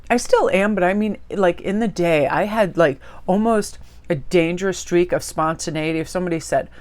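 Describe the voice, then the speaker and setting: A woman's voice: fairly low pitch, moderate pace, darkish tone. A woman tarot reader chatting casually as she shows a tarot deck, gushing and rambling.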